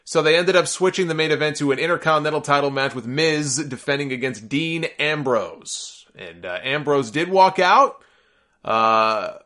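A man hosts a solo podcast, running through the week in a bright, forceful voice. He is opinionated and sarcastic, and he gets exasperated and worked up along the way. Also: medium pitch. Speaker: podcast host.

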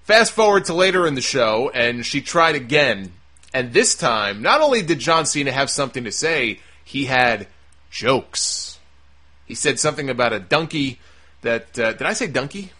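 Casting note: bright, forceful male podcaster, sarcastic and profane, riffs fast on last night's wrestling. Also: mid-range voice. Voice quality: sarcastic, animated, swears freely. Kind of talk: casual profane recap and rant.

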